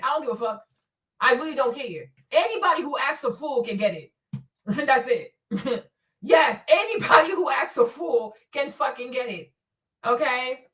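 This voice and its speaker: A high-voiced woman from Africa hosts a livestream rant, mocking and taunting, often breaking into laughter. Her voice sits a little back from the mic. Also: fairly bright tone, recorded from a distance. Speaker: livestream host.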